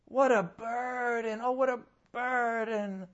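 A man's voice: sits high, animated, fairly quick, dull audio. A man preaching mimics a whiny churchgoer who complains that his duties are a burden. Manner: whining, complaining.

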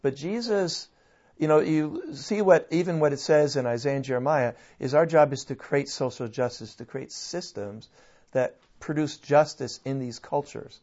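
A man in an animated conversational discussion, often restarting his sentences and laughing. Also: fairly high pitch, moderate pace. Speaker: guest speaker on church and culture. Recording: dull lo-fi sound.

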